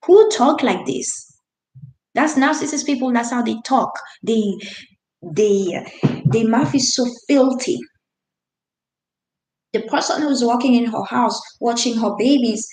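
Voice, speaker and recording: A woman's voice: a little high, unhurried, darkish tone, roomy sound, poor audio. A woman from Haiti, in her thirties, telling a personal story in an earnest, emphatic way, with restarts and non-native grammar. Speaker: vlogger.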